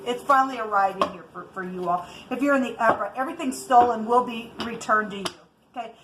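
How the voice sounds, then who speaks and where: A woman's voice: fairly high pitch, fast talker, background noise. A woman doing a spiritual tarot reading for her viewers, angry and ranting in a heated, indignant way. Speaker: tarot reader.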